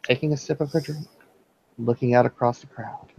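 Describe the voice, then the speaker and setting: A player narrating her character in a tabletop role-play session, in a relaxed, halting way with fillers. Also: very deep voice, creaky, breathy edge. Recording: dull lo-fi recording.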